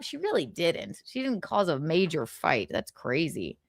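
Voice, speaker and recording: A woman with a lively, bouncing voice hosts a casual gossip livestream. She is blunt and sarcastic and swears freely. Her voice is close and dry. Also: low voice, measured pace, dry recording. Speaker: livestream host.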